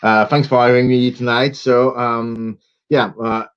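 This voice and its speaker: A man's voice: mid-range voice, level tone, a little slow, smooth. French-accented man on a muffled call. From France. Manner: hesitant, many fillers, self-deprecating laughs. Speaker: panelist, consulting firm executive. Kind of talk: webinar presentation. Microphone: video call. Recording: dull lo-fi video call audio.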